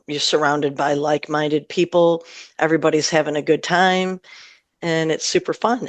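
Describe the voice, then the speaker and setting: A woman's voice: low voice, dry recording. A middle-aged woman, a singer-songwriter, chatting casually and laughing often as an interview guest. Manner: chatty and warm, laughs often, rambles with fillers.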